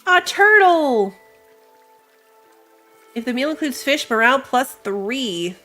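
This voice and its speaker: A woman's voice: on the high side, animated, moderate pace, pushed and bright. A woman with a stuffy nose from allergies gives casual let's-play commentary. She thinks aloud as she plays, reads game text, and laughs at herself. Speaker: gamer. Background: game music.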